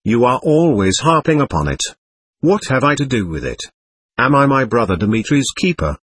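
Bitter, restless young man, snapping and sardonic, read by a male narrator, husky tone. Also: medium pitch, sing-song, normal speed, fairly bright tone. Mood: irritable. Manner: sardonic, snapping, self-mocking. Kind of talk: audiobook character reading.

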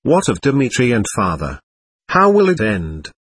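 Gentle, worried young man, read by a man, earnest questioner, husky. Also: medium pitch, huge pitch swings, measured pace, no room sound, heavily acted. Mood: anxious. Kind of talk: audiobook character reading.

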